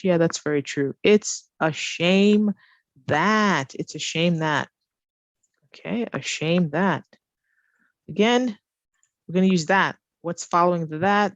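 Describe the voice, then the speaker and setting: A low-pitched female voice, recorded with no echo, belongs to an ESL teacher. She patiently works through grammar exercises, asking the learner questions along the way.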